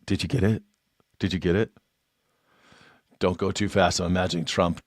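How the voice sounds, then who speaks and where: A man's voice: low-pitched, fairly even intonation, normal speed, no echo, studio quality. A man hosting a live stream, mocking in a sarcastic tone and laughing often.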